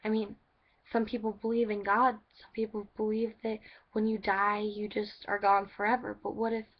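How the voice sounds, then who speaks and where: A woman's voice: medium pitch, flat delivery, normal speed, lo-fi sound. A woman telling a story in a casual vlog, rambling with lots of "like" and restarts. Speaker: vlogger.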